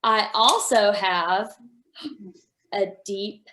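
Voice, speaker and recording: Woman, children's read-aloud, gasping wonder, unhurried delivery, reverberant room. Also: medium pitch. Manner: animated and wondering, with frequent gasps, speaking to a child audience. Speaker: children's story time reader. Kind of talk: reading a picture book aloud to young children. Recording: echoey room.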